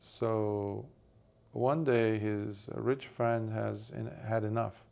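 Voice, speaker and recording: Slow, gravelly Buddhist monk. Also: male voice, lowish voice, level tone, a little mellow. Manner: unhurried storytelling with many fillers. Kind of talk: dharma talk with a parable.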